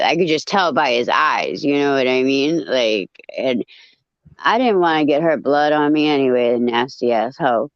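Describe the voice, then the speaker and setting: Blunt, profane woman guest, lowish voice, dry dull lo-fi sound. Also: a little slow, no echo. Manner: blunt and profane, animated retelling. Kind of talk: casual storytelling.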